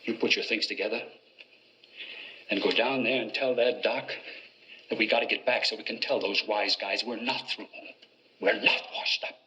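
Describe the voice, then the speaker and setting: A man's voice: lowish voice, steady tone, normal speed, long pauses, pushed and bright, slight background noise, poor audio. An actor playing an overbearing middle-aged father who coaxes and pushes his son. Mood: pushy. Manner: pushy, coaxing.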